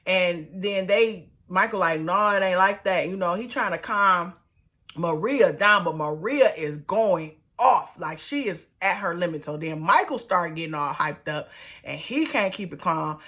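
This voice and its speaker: A young woman talks through a reality TV episode in a loose, slangy way. She is sassy and animated, acting out the people she quotes in loud, high voices. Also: unhurried. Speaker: reality TV recap host. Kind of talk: casual recap commentary.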